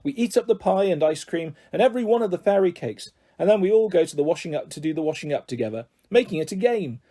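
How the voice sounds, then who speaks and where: Husky, gentle man reading a kids' novel. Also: sits high, fast. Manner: gentle, expressive storytelling. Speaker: audiobook reader. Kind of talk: reading a children's novel aloud.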